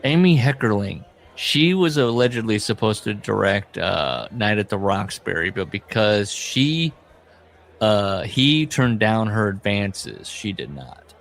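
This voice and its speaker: A podcast co-host with a low, gravelly voice keeps the chat casual. He jokes and mocks freely, laughing as he goes. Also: very animated, unhurried, fairly bright tone. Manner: joking, laughs often, mocking.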